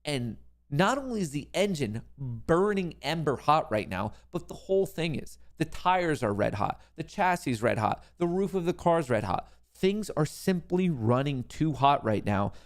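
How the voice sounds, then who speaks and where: Male stock show host, gravelly, jokey and irreverent. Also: fairly high pitch, big pitch swings, normal speed. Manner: joking, playful, swearing, talks over clips. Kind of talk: casual stock market commentary.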